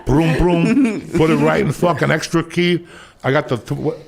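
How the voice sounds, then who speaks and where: A man in his sixties telling crude comedic stories as podcast host, loud and profane, often breaking into laughter. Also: a little high, fairly even intonation, normal speed, creaky. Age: 60s. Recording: noisy podcast recording.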